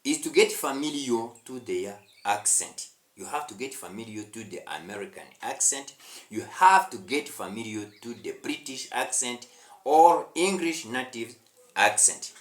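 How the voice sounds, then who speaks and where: A Rwandan-accented man teaches English straight to his viewers, his pitch rising and falling in lively arcs as he repeats his points over and over. His voice rings out in an echoey room. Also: a little slow. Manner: preachy, repetitive, with emphatic swells. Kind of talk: direct-to-camera English lesson.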